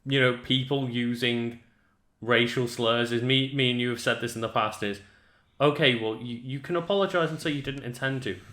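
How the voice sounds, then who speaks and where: Male co-host with a bright, tense tone, agreeable, recorded in an echoey room. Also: medium pitch, steady tone, normal speed. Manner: agreeable, chimes in with short affirmations. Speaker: podcast co-host. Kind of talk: casual podcast chat.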